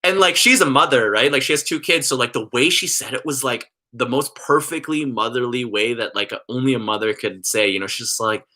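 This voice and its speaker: A man's voice: mid-range voice, a little fast, hardly any pauses, pushed and bright. A young man telling a long, rambling story in casual chat, filling his talk with "like" and "you know". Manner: rambling, heavy use of "like". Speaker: vlogger.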